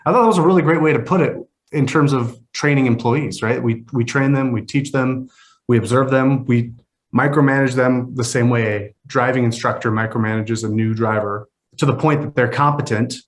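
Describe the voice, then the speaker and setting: A man's voice: medium pitch, steady tone, moderate pace. Methodical podcast co-host, a man. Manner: explains with step-by-step lists. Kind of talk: casual podcast chat.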